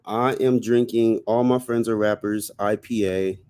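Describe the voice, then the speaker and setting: Chill guy from san diego, lowish voice, easygoing slang, guest on a podcast. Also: steady tone, unhurried, dark tone, clean tone. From San Diego, California. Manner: laid-back, slangy. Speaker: guest, brewery founder. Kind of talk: casual chat.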